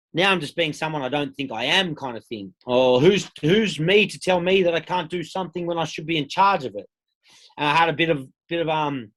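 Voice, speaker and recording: A man's voice: fairly high pitch, fairly bright tone. An Australian man in his thirties, a podcast guest telling his own story in a candid, casual way with plenty of swearing. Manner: candid, swears freely, acts out quoted voices.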